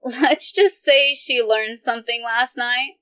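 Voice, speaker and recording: Woman reading as amused storybook mom, high bright voice, teasing and knowing. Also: slow, clear, resonant tone, no echo. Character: amused caring mother of a young man.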